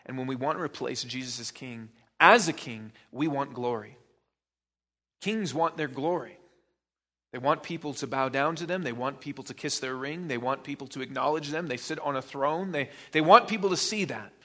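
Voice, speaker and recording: A man's voice: medium pitch, moderate pace, fairly bright tone. A man preaching a sermon as pastor, pressing the listener with probing rhetorical questions and emphatic repetition.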